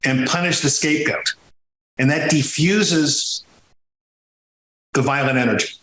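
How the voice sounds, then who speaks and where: A man talking as a podcast guest, his voice sitting a little high for a man. He tells stories with animated swings of pitch when stressing a point. The sound carries a roomy echo around him. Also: a little slow. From Sicilian heritage. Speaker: podcast guest, music historian. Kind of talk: conversational interview.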